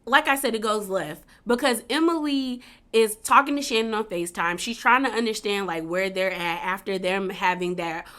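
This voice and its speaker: A woman's voice: medium pitch, normal speed, pushed and bright. A woman giving a casual, chatty video recap of a reality show, full of fillers and acting out what people said. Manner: chatty, many fillers, acts out quotes.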